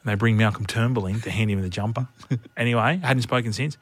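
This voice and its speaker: A man's voice: lowish voice, quick pace, dry recording. A middle-aged man co-hosting a podcast, telling a story in casual chat and laughing as he goes. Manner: animated storyteller, laughs through his lines. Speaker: podcast co-host.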